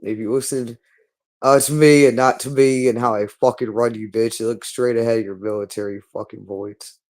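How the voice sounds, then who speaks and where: A man with a mid-pitched voice delivers an angry monologue, circling back to the same harsh phrases over and over. He sounds berating and hostile throughout, swearing constantly as he goes. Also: steady tone, moderate pace, a little mellow. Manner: hostile, repetitive and profane, berating.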